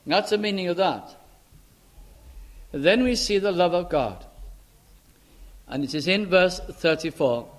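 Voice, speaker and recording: A preacher with a high-pitched voice delivers a sermon, leaning slowly and heavily on quoted scripture. He pauses to put rhetorical questions to his listeners. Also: animated, a bit bright. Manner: slow, emphatic scripture reading with rhetorical questions.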